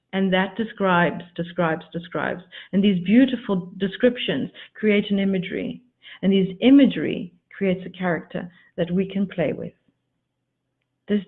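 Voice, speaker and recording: A woman giving a motivational teaching talk as a coach, with expressive emphasis and repeated words for effect. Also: mid-range voice. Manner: addresses listeners as darlings. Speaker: spiritual coach. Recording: tinny phone-like audio.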